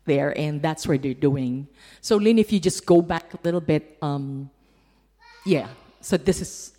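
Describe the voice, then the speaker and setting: A woman's voice: low voice, mellow, big-room sound. A woman giving a heartfelt church testimony about mission work while showing slides, her storytelling emotional and sincere.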